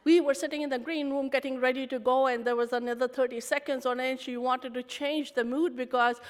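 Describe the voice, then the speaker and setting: A middle-aged woman giving a candid, animated storytelling talk at a conference. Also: high-pitched, a little fast. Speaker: conference speaker. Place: conference hall. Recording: reverberant hall.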